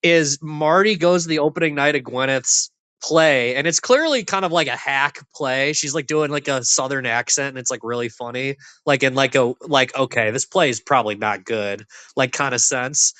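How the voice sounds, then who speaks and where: A man's voice: mid-range voice, moderate pace, hardly any pauses, pushed and bright, dry recording. A young man co-hosting a podcast, casually recounting movie scenes and acting out the characters' lines. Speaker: podcast co-host. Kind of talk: casual chat.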